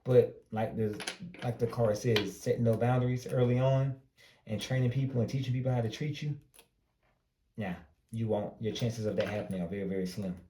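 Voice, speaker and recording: There's a slight background hum and an echoey room around this mid-range, brisk male voice. He's a Southern-accented North Carolinian doing a laid-back, rambling tarot reading, dispensing advice and correcting himself along the way.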